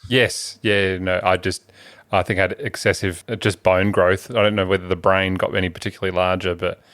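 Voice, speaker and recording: A man co-hosting a podcast, chatting casually and easily, quick to laugh and often giving short replies. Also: low voice, little pitch movement, fairly bright tone, no echo. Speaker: podcast co-host. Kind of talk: casual chat.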